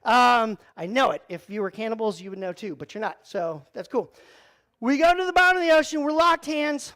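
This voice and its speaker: A youth pastor, a man with a high-pitched voice, shares his story with a youth group, joking and animated. He's a little fast and leans heavily on fillers like "um" and "like."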